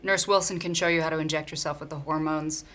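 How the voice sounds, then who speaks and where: A woman playing a doctor, speaking in a brisk, clinical manner. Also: low-pitched, steady tone, fairly bright tone.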